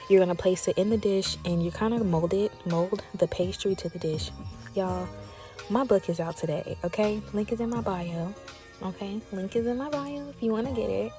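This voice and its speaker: A young cooking creator chats casually with her viewers while she cooks, talking straight to them and calling them y'all and besties. Her voice is medium-pitched and warm.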